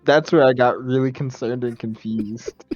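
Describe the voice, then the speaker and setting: A man's voice: medium pitch, steady tone, normal speed, no room sound. A male co-host in a casual chat, laughing along and chiming in with short comments. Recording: dull, dry sound.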